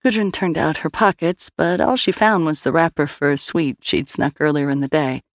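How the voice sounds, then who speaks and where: Woman narrator, storybook reading, expressive, lively pitch, dry close mic. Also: moderate pace, dry recording. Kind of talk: scripted audio-drama narration.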